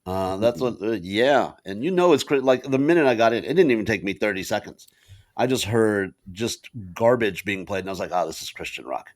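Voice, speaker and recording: A man's voice: on the low side, animated, fairly quick. A man co-hosting a podcast in casual chat, telling stories and laughing often. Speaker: podcast co-host.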